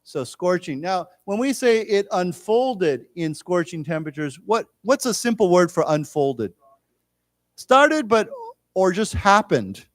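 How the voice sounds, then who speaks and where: A man in a library lecture room leads an English vocabulary lesson, explaining each word at a patient pace and having the class repeat it back. His voice sits a little high for a man, and the sound is close and dry. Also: big pitch swings, a little slow, no echo. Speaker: English teacher.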